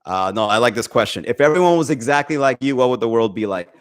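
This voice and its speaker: A man's voice: medium pitch, expressive, fast talker. A man hosting a comedy podcast, chatting casually with his stream, rambling, swearing freely and laughing often. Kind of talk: casual livestream chat.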